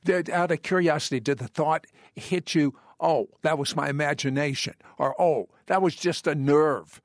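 Gravelly man hosting an interview. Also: fairly high pitch, moderate pace, no room sound, studio quality. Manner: probing, conversational questioning. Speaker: interview host. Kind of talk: broadcast interview questions.

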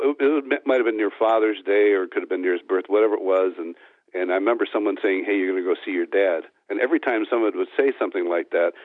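Man, earnest testimony guest, very low voice, thin phone-like sound. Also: dry recording. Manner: earnest, storytelling, frequent restarts. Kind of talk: personal testimony interview. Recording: tinny phone-like dry sound.

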